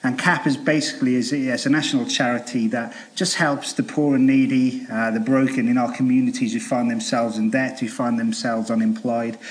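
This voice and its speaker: A man's voice: medium pitch, fairly even intonation, brisk, few pauses. A Welsh man in his thirties, a charity worker, telling his life story earnestly to a church audience, with many fillers and restarts. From Wales. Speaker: charity debt worker giving testimony. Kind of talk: testimony talk to a church audience.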